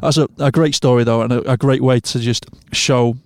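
A man's voice: mid-range voice, fairly even intonation, fairly quick, no echo. A man hosting a podcast in a studio, telling stories in casual chat, swearing and laughing as he goes. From England. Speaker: podcast host. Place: recording studio.

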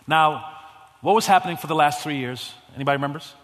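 Man, guest preacher, highish voice, casual slang, loud calls then hushed telling, long church reverb. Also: fast talker. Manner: swings from loud, fervent calls to hushed, low storytelling; casual, youthful slang and repetitions. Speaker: guest pastor. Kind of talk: sermon.

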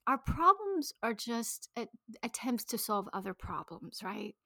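In studio-quality audio with no room sound, a woman in her thirties tells an audience her own story of money and shame. Her slightly high, bright voice is forceful, swings widely in pitch and moves a little slowly, yet she stays intimate and emotional, often whispering.

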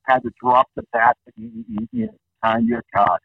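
Animated gravelly man over dull line. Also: high-pitched, moderate pace, dry recording. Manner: animated, rambling nostalgic. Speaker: guest. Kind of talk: casual storytelling. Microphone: phone line. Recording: dull phone-call audio.

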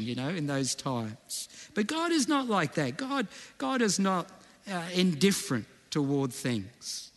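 A man's voice: high voice, very animated, a little slow, fairly bright tone, in a large hall. A man preaching a sermon in a conversational way, often checking in with the congregation. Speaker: pastor.

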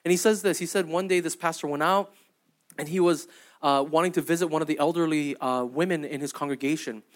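A young adult man preaches a sermon as pastor in a slightly high, steady, brisk voice. His style is conversational storytelling, constantly checking in with "right?" and "okay?", and he acts out the voices of people he quotes in his anecdotes.

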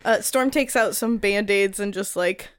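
A woman player in a casual tabletop game, excitable, joking and swearing. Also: mid-range voice, a little slow, clear, resonant tone. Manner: excitable, laughing banter.

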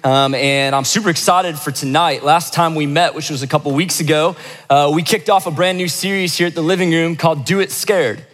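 A man's voice: on the high side, fairly quick, fairly bright tone. A young man preaching to a church crowd, telling a funny story in a casual, joking way and acting out the quotes. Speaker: pastor leading a church service. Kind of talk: sermon with storytelling. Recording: long hall reverb.

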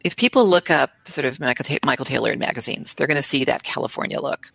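Woman, interior designer, interview guest, gravelly voice, dry close sound, animated. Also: a bass voice, quick pace, no room sound. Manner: animated, laughs often, trails into soft asides. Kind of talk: conversational interview.

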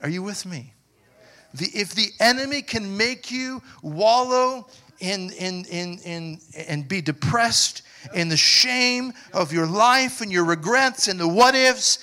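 A man preaching a sermon as pastor, asking the congregation questions and building to loud, emphatic passages. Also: high-pitched, expressive, slow.

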